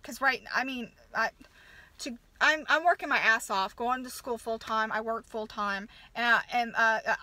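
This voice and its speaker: This angry personal rant comes from a US nurse and mom in her thirties whose voice is a little high and sharp. She curses freely and starts over again and again. The sound is dry, with no echo, though the recording is rough.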